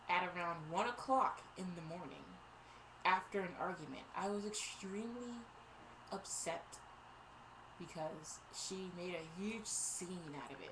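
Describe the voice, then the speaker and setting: A young woman recounts a college story in a casual vlog, her voice sitting a little low. She talks in an animated, exasperated way and breaks into laughter now and then. A steady hiss of noise runs under the recording. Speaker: vlogger.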